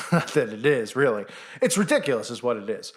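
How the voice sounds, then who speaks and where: A man's voice: mid-range voice, very animated, normal speed. A man hosting a commentary vlog, ranting in a scornful, sarcastic way and firing off heated rhetorical questions. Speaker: channel host.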